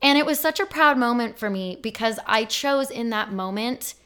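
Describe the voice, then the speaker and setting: A woman's voice: fairly high pitch, expressive, moderate pace, fairly bright tone, clear, resonant tone. A woman hosting a podcast in casual chat, blunt and emphatic, swearing freely as she tells stories. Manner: storytelling with acted-out quotes. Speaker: podcast host.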